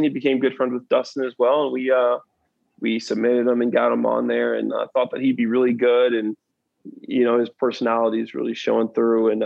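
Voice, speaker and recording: A man chats as a podcast guest, relaxed and rambling, often pausing on fillers. His voice is gravelly with creak. The recording is dry and a bit dull, with a lo-fi sound. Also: mid-range voice, no echo. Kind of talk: casual podcast chat.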